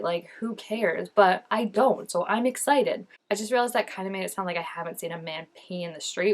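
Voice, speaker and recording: A woman hosting a casual reaction video, chatty and animated, with lots of filler words and quick laughs. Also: mid-range voice. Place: indoors at home, changing daylight.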